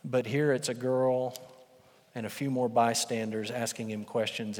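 A pastor preaching a sermon, telling the story with big swings from loud and intense to hushed and quiet. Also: male voice, mid-range voice, level tone, measured pace. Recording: long hall reverb.

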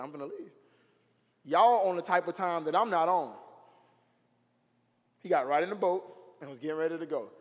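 A young man preaching a sermon in an animated, slangy storytelling way, his voice rising to shouts at the high points. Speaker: guest preacher. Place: church sanctuary. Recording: long hall reverb.

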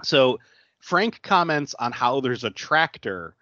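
A podcast co-host retelling a movie plot in a casual, animated way, often acting out the characters' lines. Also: mid-range voice, slow pace, no room sound, highs cut off.

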